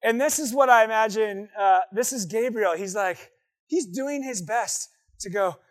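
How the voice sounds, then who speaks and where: A male pastor with a high, light voice delivers a sermon. He tells stories with animation and acts out the people in them, dropping to near-hushed asides and then bursting out loud and excited. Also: measured pace.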